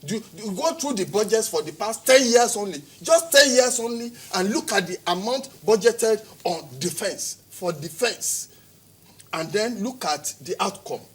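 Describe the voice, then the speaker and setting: This man, a Nigerian security expert on a TV interview, argues with force, piling up rhetorical questions and repeated words. His high, husky voice is expressive and moves at normal speed.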